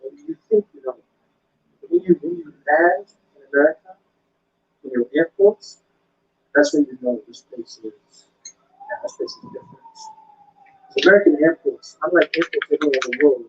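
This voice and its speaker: A male stand-up comedian performing a routine on stage, acting out voices of shouting officers. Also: a little high, a little fast, husky, highs cut off. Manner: animated, with loud acted-out officer voices.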